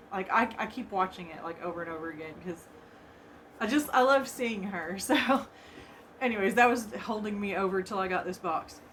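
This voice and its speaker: A woman chatting casually to her viewers from a room at home as she unboxes a gift, excitable and gushing, laughing often and repeating herself. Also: medium pitch, slight background noise. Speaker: vlogger opening a gift box.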